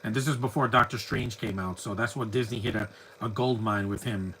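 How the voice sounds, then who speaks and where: A man's voice: lowish voice, steady tone, fairly quick, sharp tone, a little hiss or hum, rough recording. A man giving a live movie commentary, chatty and opinionated, full of rambling asides. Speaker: film commentator.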